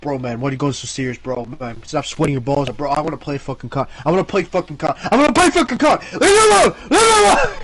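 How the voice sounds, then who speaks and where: A man's voice: mid-range voice, fast talker, hardly any pauses, natural voice. A man voicing a fed-up middle-aged male gamer who whines and pleads to be left alone. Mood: exasperated. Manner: whining, repetitive pleading.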